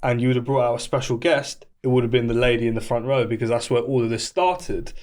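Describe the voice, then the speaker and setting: A man's voice: mid-range voice, fast, a little mellow. A British man co-hosting a comedy podcast, riffing and building jokes in a casual chat. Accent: British English. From Britain. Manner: riffing, joking, escalating bits. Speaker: podcast co-host.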